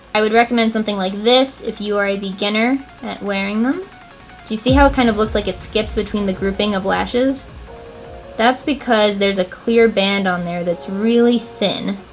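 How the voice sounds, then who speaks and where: A woman hosting a makeup tutorial, chatting casually and explaining each step with self-deprecating asides. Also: fairly high pitch. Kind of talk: casual how-to talk.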